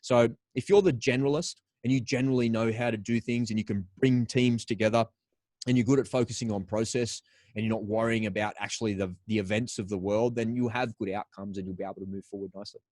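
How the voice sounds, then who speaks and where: A man's voice: lowish voice, fairly even intonation, quick pace, a little mellow, no room sound, studio quality. A man with an Australian accent, a podcast guest telling stories in a casual, upbeat way with plenty of slang. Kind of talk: casual interview talk.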